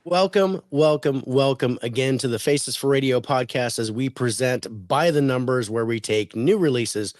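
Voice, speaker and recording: A man's voice: medium pitch, moderate pace, hardly any pauses, no echo. Male podcast host, easygoing and rambling, slightly worn voice after a cold, dry close-miked sound. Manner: laid-back, rambling with many fillers. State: recovering from a cold. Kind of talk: casual podcast chat.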